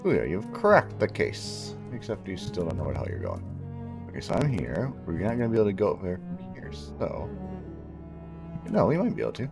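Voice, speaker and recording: A man's voice: on the low side, sing-song, brisk, creaky, over music. A man giving wry, casual commentary while playing through a video game. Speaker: game streamer. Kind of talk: casual let's-play commentary.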